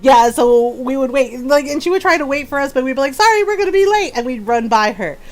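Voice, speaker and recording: A woman streamer with a fairly high voice chats casually, laughing often and acting out other people's voices as she tells her stories. Soft game music plays faintly behind her. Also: fairly quick. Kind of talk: casual storytelling chat.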